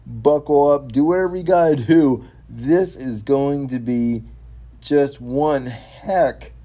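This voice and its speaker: Male solo podcast host, relaxed and slow-talking, halting but eager, lots of "uh" and restarts. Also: medium pitch. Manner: halting, many fillers and repeated words, enthusiastic. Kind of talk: casual solo wrestling talk show.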